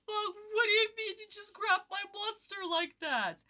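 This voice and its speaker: A woman mimicking an indignant young male card-game villain with a shrill, outraged delivery. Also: lively intonation, moderate pace, sharp tone, full character voice.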